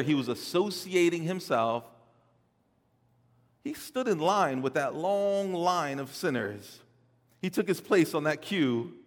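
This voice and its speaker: A man preaching a sermon, swelling loud and dropping soft, often repeating words as he builds a point. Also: a little high, long reverb tail. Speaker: pastor.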